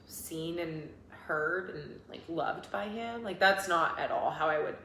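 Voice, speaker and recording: A woman's voice: deep voice, measured pace, a little hiss or hum. Chatty young woman in an echoey room. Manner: animated storytelling, laughing often, many fillers. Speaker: podcast guest, coach. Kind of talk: casual chat. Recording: echoey room, faint ambience.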